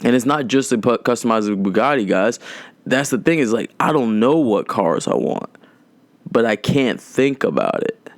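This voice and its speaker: A young man hosting a podcast, talking in a loose, rambling way, swearing a lot and making dark jokes. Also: mid-range voice, big pitch swings, normal speed, gravelly, no room sound. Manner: rambling, profane, darkly joking, drawn out. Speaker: podcast host. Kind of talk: casual rambling monologue.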